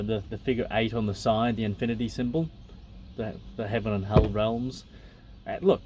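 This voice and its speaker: A man reading passages from a text aloud and pausing to muse on them in a loose, casual way, with fillers and asides. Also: fairly low pitch, darkish tone, slight background noise. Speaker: podcast host.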